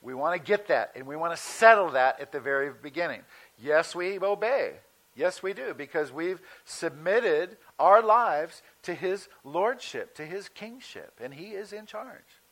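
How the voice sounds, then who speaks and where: Man preaching with a higher voice. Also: expressive, fairly bright tone, poor audio. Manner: conversational teaching, drawing out key words slowly. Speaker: pastor. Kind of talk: sermon.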